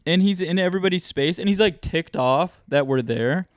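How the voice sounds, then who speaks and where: A man's voice: sits high, moderate pace, dry recording, studio quality. A young man hosting a podcast, chatting casually and telling stories with slang, laughing often. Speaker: podcast host. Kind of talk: casual chat.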